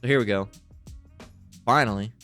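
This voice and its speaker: A man's voice: fairly low pitch, moderate pace, bright, forceful tone, soft background music. A middle-aged man in a crude, profane, rambling commentary, reading text aloud and asking "right?" a lot. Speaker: channel host.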